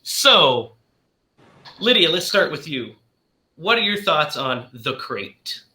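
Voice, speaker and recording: A man with a very bright, forceful, fairly high voice hosts a casual movie podcast. He recaps the plot animatedly and acts out the characters' lines. The room gives his voice a roomy echo. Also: sing-song, takes it slowly. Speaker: podcast host.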